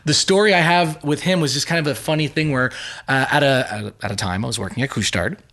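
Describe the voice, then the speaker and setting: A man's voice: medium pitch, fast, fairly bright tone. A man from Montreal's West Island hosting a podcast, telling rambling anecdotes casually. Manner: rambling anecdotes with laughs and restarts. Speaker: podcast host. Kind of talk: casual storytelling chat.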